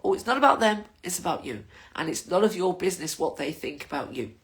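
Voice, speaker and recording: A woman's voice: on the low side, expressive, quick pace. An older woman, chatting casually to her viewers in a rambling, waffling monologue as the host of her own vlog.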